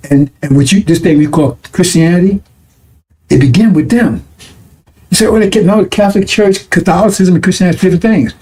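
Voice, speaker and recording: A male preacher teaches his congregation in a loose, conversational way. His voice sits a little high and has a dark, mellow tone, and he keeps stopping to check that his listeners follow him. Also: brisk. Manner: conversational, repeats 'right?' and 'see?' to check listeners. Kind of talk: broadcast sermon teaching.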